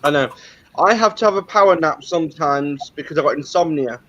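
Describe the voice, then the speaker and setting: A man, a guest chatting casually and telling slow, laid-back stories between short agreeing replies. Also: a little high, fairly bright tone, lo-fi sound. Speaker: guest on the show. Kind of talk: casual chat.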